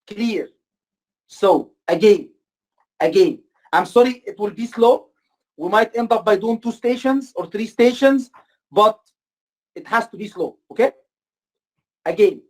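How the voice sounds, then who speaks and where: A native Arabic speaker teaching in English as an exam-prep tutor, slow and deliberate, often repeating points and checking understanding. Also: medium pitch, a little mellow. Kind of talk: online course lecture with role-play.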